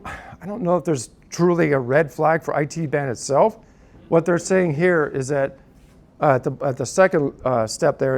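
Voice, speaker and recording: A man teaching a classroom lecture in a conversational way, often checking in with "right?" and "okay?" and making dry joking asides. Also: a little high.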